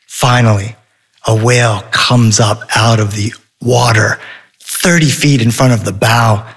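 Wry storytelling dad, on stage. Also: male voice, fairly high pitch. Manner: wry, animated, acts out quotes.

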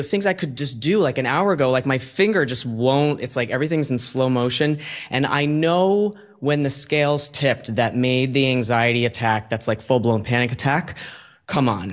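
Halting, conversational storyteller man. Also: mid-range voice, expressive. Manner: conversational, halting, acts out quoted lines. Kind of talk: personal storytelling.

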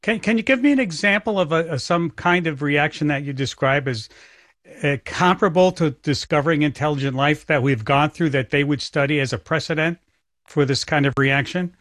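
A man's voice: on the high side, fairly quick, a bit bright, no echo, clean studio sound. A man interviewing two guests, asking questions with small restarts.

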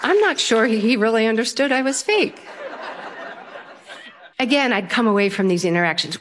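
An older woman storyteller, lively and self-mocking as she tells a funny personal story on stage. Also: on the high side, moderate pace, pauses often, a crowd in the background, noisy background.

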